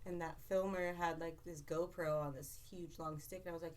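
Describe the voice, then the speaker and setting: A woman fishing captain from Alaska, telling stories in a casual, animated way, full of laughs and quoted speech. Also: fairly low pitch, fairly quick, few pauses. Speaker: commercial fishing captain, podcast guest. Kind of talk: casual storytelling.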